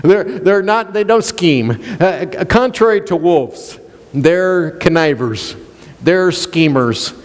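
A man's voice: sits high, expressive, slow, big-room sound. A male pastor preaching a sermon, questioning the congregation and joking with them. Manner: playful, jokes and laughs.

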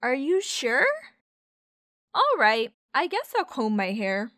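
A woman's voice: on the high side, big pitch swings, takes it slowly, sharp tone, no echo, studio quality, heavily acted. A woman voicing a silly, good-natured big male bear in a bumbling, cheerful way.

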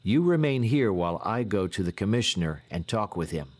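A man's voice: lowish voice, very animated, fairly quick, a little mellow, husky. A man reading a scheming crowd orator. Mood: plotting.

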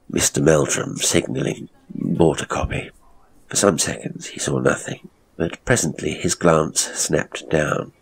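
A man narrating a strange horror story in a measured, deliberate way. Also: rumbling low, gravelly, husky.

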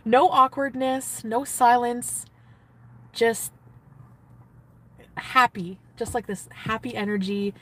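A woman's voice: a little high, slow, long pauses, recorded from a distance. A woman chatting on a phone livestream from a parked car, giddy and gushing, reading and answering her chat.

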